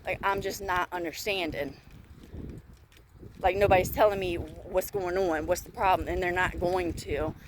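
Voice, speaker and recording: A woman's voice: fairly low pitch, fairly even intonation, moderate pace, noisy background. A woman vlogging while she walks outside, venting in an upset, emphatic way and repeating herself. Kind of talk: venting monologue to camera. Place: outdoors, walking in the heat.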